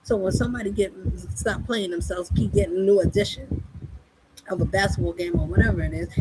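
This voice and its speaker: A woman delivers an impassioned sermon full of rhetorical questions. Her gravelly voice rises and falls widely as she presses her points. A loud background noise runs under her the whole time. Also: mid-range voice. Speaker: spiritual speaker. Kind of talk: preaching monologue.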